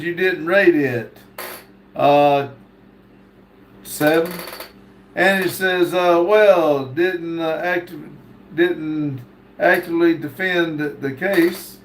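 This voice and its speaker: Slow, high-voiced host. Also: male voice, a little hiss or hum. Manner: reads viewer comments aloud, halting with many fillers. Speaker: livestream host. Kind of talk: live stream chat reading. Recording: echoey room.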